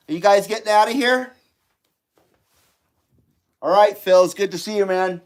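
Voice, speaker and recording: A man's voice: sits high, normal speed, pauses often. A middle-aged man hosting a live stream, chatting casually, joking and laughing often as he reads comments.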